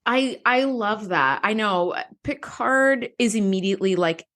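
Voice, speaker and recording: A woman co-hosting a casual podcast, recapping an episode in an animated way, laughing often and acting out characters' lines. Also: medium pitch, unhurried. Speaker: podcast co-host.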